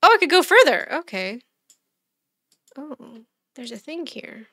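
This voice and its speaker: A woman's voice: high voice, big pitch swings, measured pace, background noise. A woman streamer giving casual let's-play commentary, chatty, thinking aloud and quizzing the game characters.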